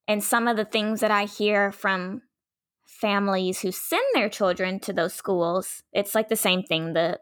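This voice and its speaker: A woman in casual chat, explaining in a thoughtful, measured way as an educator. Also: medium pitch, fairly bright tone, dry recording, clean studio sound. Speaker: podcast co-host, educator.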